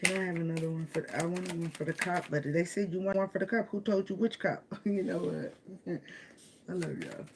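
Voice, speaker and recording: A woman's voice: fairly low pitch, fairly even intonation, brisk, gravelly, a little hiss or hum. A woman with giving a casual tarot reading. She speaks with emotion, laughs often and repeats phrases. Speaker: tarot reader.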